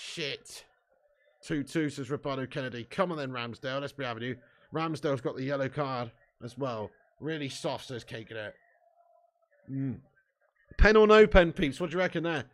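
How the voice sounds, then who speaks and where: A young man with a mid-range voice speaking at normal speed hosts a live football watch-along, commentating and reading out chat messages. His style is sweary and banter-heavy, swinging between glum muttering and loud shouting and laughter.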